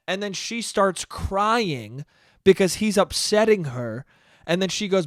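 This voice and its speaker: A man's voice: high-pitched, animated, a little slow, dry recording, studio quality. A young man hosting a solo podcast, ranting casually with exasperation and plenty of profanity. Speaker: podcast host.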